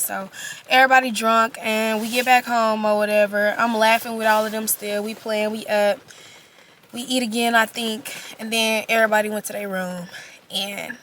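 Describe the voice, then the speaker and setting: Young woman, chatty animated storyteller, tense bright voice. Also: fairly high pitch, a little hiss or hum. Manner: chatty, animated, slangy retelling with quoted back-and-forth. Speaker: vlogger telling a storytime. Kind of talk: casual storytelling to camera.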